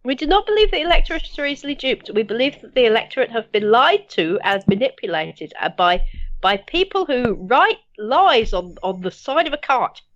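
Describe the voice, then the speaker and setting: A woman's voice: on the high side, very animated, moderate pace, a bit bright, dry recording, highs cut off. A woman playing her character in a tabletop game, making emphatic speeches. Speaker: player.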